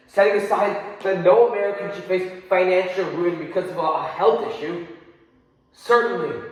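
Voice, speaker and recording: A man giving a dramatic, impassioned recitation of a speech, angry and emphatic, with pointed pauses. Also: a little high. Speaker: oral interpretation student. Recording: echoey hall with long reverb.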